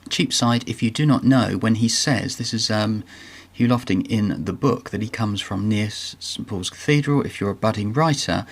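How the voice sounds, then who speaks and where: Chatty man guiding a screen walkthrough. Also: lowish voice. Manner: chatty, enthusiastic, with frequent ums and restarts. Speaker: video host. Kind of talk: casual screen-share walkthrough.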